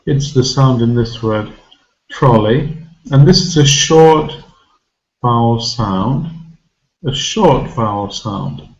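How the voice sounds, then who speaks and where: A man teaching English vocabulary and pronunciation, saying each word slowly and clearly for learners to repeat. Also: medium pitch, dull audio. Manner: slow, deliberate enunciation, modelling words for repetition. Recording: roomy echo with loud music behind.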